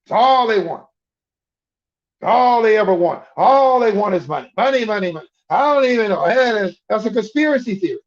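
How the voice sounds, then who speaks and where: A man's voice: high-pitched, lively intonation, fairly quick, highs cut off. A middle-aged man preaching a conversational sermon, emphatic, often repeating himself and restarting words.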